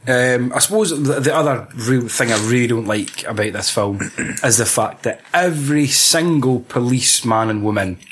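A man's voice: medium pitch, moderate pace, hardly any pauses, a bit bright, slight background noise. A Scottish man chatting casually about a film, swearing freely and acting out scenes. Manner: swearing, laughing, acting out lines.

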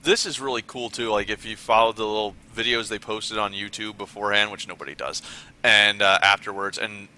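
A man co-hosting a casual comedic chat, joking and acting out lines, sometimes loudly. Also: fairly low pitch, steady tone, fairly quick, smooth. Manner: jokey, acts out lines, gets loud. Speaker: podcast co-host.

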